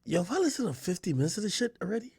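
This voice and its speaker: A man's voice: high-pitched, sing-song, rapid-fire, a little mellow, husky, no echo, clean studio sound. A man hosting a stream, cutting in with short exasperated comments while a clip plays. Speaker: host reacting to a clip. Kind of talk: livestream reaction commentary.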